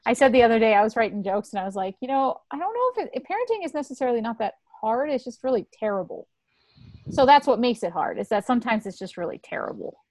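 Thirties woman, comic podcast host, high voice, easygoing and laughing along, dry close mic. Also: very animated, darkish tone, dry recording. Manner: agreeable, quick to laugh along. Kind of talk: casual podcast chat.

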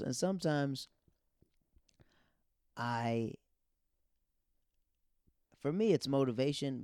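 A comedian hosting his podcast, telling stories in an animated, casual way and repeating himself as he quotes others. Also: medium pitch, no echo, studio quality. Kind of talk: casual storytelling monologue.

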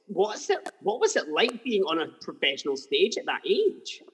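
A man's voice: high voice, huge pitch swings, normal speed, slightly rough. A man hosting a chat, gushing and enthusiastic. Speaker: host. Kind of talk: casual chat.

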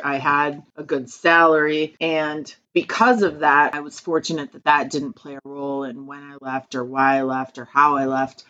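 A middle-aged woman hosting a podcast, talking in a steady, reflective way with small restarts. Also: sits low, lo-fi sound, slight background noise. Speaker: podcast host. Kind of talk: casual podcast chat.

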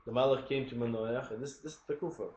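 A man in a text class asking questions, halting and repeating himself. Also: mid-range voice, darkish tone, reverberant, lo-fi sound. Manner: hesitant, halting, repeats words. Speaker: student in the class. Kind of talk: questioning discussion.

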